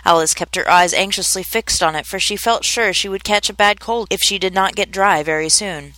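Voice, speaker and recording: A woman's voice: medium pitch, fairly quick, pushed and bright, dry recording. Woman reading a storybook aloud. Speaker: narrator.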